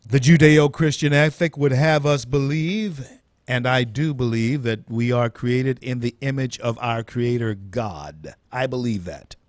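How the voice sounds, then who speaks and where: A man's voice: mid-range voice, a little slow, dry recording. A man hosting a live-stream talk show, speaking in an earnest, preacherly storytelling way with frequent restarts. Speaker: host.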